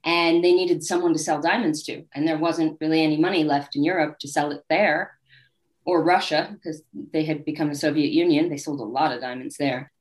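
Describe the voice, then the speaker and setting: A woman's voice: low-pitched, brisk. A woman guest author telling candid, wry anecdotes in a casual interview. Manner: acts out quoted people in lively voices.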